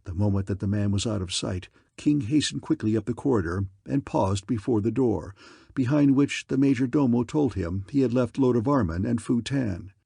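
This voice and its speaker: A man narrating an adventure novel as an audiobook in a measured, even way. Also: mid-range voice, gravelly, husky, no echo.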